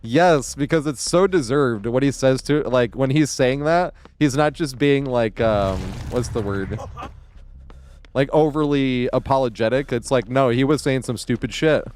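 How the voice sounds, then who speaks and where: A man chats on a live game stream in a loose, rambling way. He swears casually and laughs easily. His voice sits at an ordinary middle pitch. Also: measured pace, darkish tone, slight background noise. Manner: rambling, profane, chuckles often. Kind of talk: casual live-stream chat while gaming.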